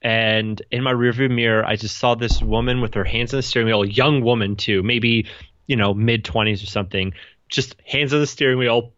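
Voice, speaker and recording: A man's voice: mid-range voice, no room sound, lo-fi sound. A man co-hosting a podcast, chatting casually and acting out quotes as he goes. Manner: quick, chatty, animated quoting. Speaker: podcast co-host. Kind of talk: casual chat.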